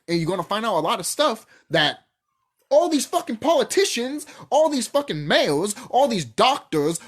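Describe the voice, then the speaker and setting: A channel host delivers a heated, profanity-laden rant straight to camera with no script. The voice swings widely up and down in pitch, and sentences often break off and restart mid-thought as the speaker pushes a point. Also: a bit bright, breathy edge.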